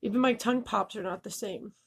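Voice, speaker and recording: A woman's voice: medium pitch, fast, slightly rough. Candid woman vlogger with a slight lisp. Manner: candid, laughing, swears freely. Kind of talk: casual vlog talk.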